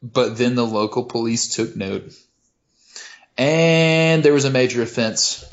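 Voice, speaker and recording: A man's voice: mid-range voice, steady tone, a little slow. Dry, wry male podcast co-host. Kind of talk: casual chat. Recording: dull lo-fi sound.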